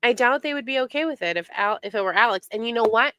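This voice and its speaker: A woman's voice: fairly high pitch, animated, fast talker, bright, forceful tone, clean tone, no echo, highs cut off. A woman streamer giving casual, indignant commentary on online drama, sarcastic and given to mocking imitations.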